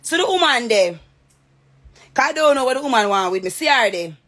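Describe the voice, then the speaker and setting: A Jamaican woman rants straight to camera in a heated, confrontational way, hammering the same points again and again. Her voice sits a little on the high side. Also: lively intonation, brisk, a bit bright. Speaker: social media personality. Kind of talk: direct-to-camera rant.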